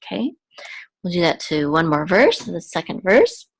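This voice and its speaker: A woman teaching how to read and chant scripture, explaining patiently with pauses and restarts. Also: fairly low pitch, wildly swooping pitch, breathy edge. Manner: patient, hesitant, with fillers and restarts while pointing at text. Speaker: Biblical Hebrew teacher. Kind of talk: explanatory lesson with chanted examples.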